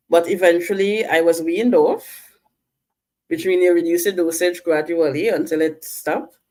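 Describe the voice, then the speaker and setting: Slow, earnest low-voiced woman vlogger. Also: darkish tone. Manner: slow, earnest, coaching viewers directly; asks "all right?" and "right?" to check in. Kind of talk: personal talk to camera.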